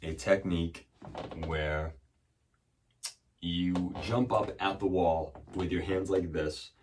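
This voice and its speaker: Deep-voiced man telling rambling stories. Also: slow pace, distant mic, slight background noise. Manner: rambling, profane, many fillers and restarts. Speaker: podcast host. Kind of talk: casual storytelling.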